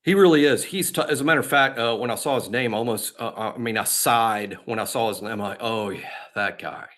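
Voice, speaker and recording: A man's voice: mid-range voice, quick pace, a bit bright. A man co-hosting a sports podcast, telling anecdotes in a chatty, casual way.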